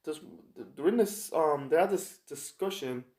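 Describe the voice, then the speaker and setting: Rambling man with a higher voice. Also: a little mellow. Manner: rambling, halting, with many fillers and restarts. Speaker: TV episode reviewer. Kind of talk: casual spoken review. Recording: echoey room.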